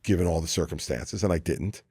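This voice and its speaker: Lower-voiced New man telling stories. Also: a little fast, breathy edge, no echo, studio quality. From New Jersey, USA. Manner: animated anecdote teller who acts out quoted people, with frequent restarts. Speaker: podcast guest. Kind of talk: casual storytelling in conversation.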